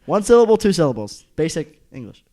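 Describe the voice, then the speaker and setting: A man's voice: fairly high pitch, very animated, a little fast, warm tone. A young man co-hosting a podcast, joking and teasing in casual chat. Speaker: podcast co-host.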